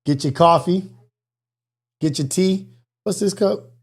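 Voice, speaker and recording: A slightly high-voiced man hosts a morning show, out of breath as he chats casually with his viewers. He talks with lively exclamations and slips into preachy motivational encouragement. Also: takes it slowly, breathy edge. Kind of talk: casual live call-in chat.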